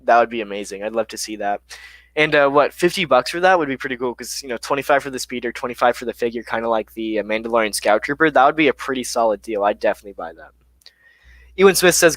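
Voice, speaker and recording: Young male streamer, middle pitch, dry close sound, chatty Q&A host. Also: fast talker, dry recording. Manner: reads chat questions aloud, relaxed and chatty with many fillers. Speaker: live stream host answering viewer chat. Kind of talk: casual live-stream Q&A.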